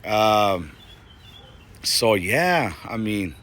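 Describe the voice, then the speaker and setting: A man in his forties giving a personal faith testimony, earnest and halting, with many fillers and restarts. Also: on the low side, very animated, fairly bright tone, slight background noise. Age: 40s. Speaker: Christian testimony speaker.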